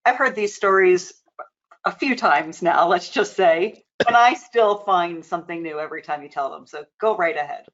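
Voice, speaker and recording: A woman co-hosts a webinar and cuts in with teasing, good-humored remarks. Her voice is on the low side. It comes through dull and a bit far from the mic. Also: normal speed, fairly bright tone. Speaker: webinar co-host. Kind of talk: casual chat. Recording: dull, distant webinar audio.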